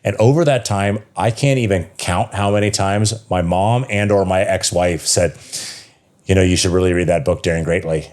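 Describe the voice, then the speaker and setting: A man's voice: low voice, moderate pace, darkish tone. A man in his thirties, a yoga teacher and coach, talking as a podcast guest, telling a personal story with passion and plenty of swearing. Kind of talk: casual podcast conversation.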